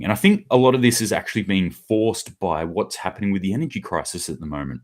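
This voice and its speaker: A man's voice: sits low, brisk, hardly any pauses. A middle-aged man hosting a solo news commentary, blunt and sarcastic, acting out quotes in mock voices.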